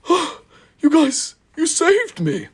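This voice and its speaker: A podcast host voicing an excitable, weepy male steam car in a squealing, panicky, tearful voice. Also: sits high, drawn-out words, voice pushed up, exaggerated voice. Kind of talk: comedic improvised voice acting.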